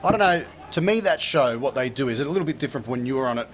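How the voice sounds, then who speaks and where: A man's voice: mid-range voice, lively intonation, very fast. An Australian man hosting a casual podcast, joking loosely and swearing as he talks. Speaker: podcast host.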